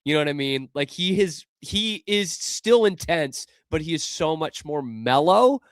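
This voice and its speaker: A man co-hosts a sports talk show and muses in a wry, hesitant way, often restarting his sentences. His voice sits slightly higher than average. The sound is close and dry. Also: animated, measured pace, no echo. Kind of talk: casual talk-radio chat.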